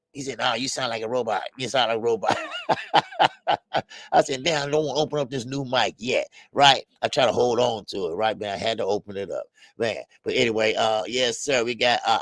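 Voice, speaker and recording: A man hosting a boxing talk live stream, calling out each viewer in the chat by name. His voice is bright and forceful, recorded dry and close with almost no room sound. He drawls his greetings and piles on friendly filler. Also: lowish voice, dry recording. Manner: shout-outs to chat viewers, drawn-out greetings. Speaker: boxing show host.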